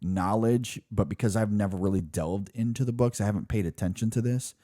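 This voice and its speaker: A man's voice: lowish voice, a little fast, warm tone, no echo, studio quality. A man co-hosting a film podcast, talking casually and rambling through his thoughts with frequent restarts and fillers. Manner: rambling, restarts often, says "like" and "you know". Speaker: podcast co-host.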